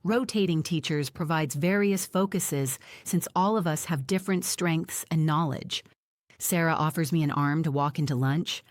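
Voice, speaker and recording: A woman with a fairly low voice narrates a first-person audiobook, telling the story in a plain, even way at normal speed. The recording is dry and close, with no room sound.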